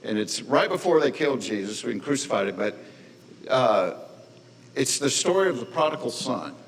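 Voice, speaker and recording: A man's voice: mid-range voice, very animated, moderate pace. Folksy man telling a story in a hall. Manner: folksy, conversational, acts out characters in voices. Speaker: speaker at a men's gathering. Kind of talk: storytelling talk to an audience. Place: large hall with audience. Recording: long hall reverb, faint noise.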